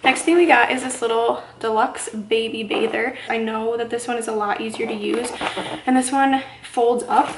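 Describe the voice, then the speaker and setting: A woman's voice: a little high, fairly even intonation, moderate pace, echoey room, background noise. A heavily pregnant young woman vlogging from home, chatty and upbeat with many fillers, a little out of breath. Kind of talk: casual haul vlog.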